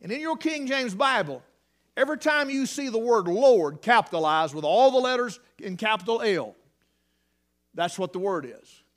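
A man preaching a sermon, swinging between hushed near-whispers and shouted emphasis. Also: high voice, lively intonation, moderate pace.

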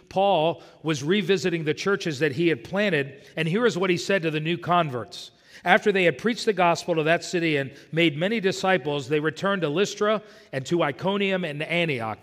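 A man with a fairly high voice delivers an earnest sermon, leaning hard on the scripture he quotes. He is heard in a church sanctuary, and the room leaves a long reverb trailing after his words. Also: fairly bright tone. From United States. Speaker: pastor.

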